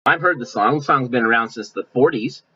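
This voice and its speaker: A male pastor preaching a sermon in a folksy, conversational way, now and then mimicking offended people in quick asides. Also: mid-range voice, sharp tone, husky. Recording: dull lo-fi sound.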